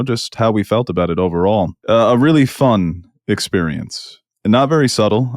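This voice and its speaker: A man's voice: deep voice, a little mellow, dry recording, studio quality. A man co-hosting a movie podcast, making wry jokes and easing into a film review in casual chat. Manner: wry, joking, easygoing. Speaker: podcast co-host.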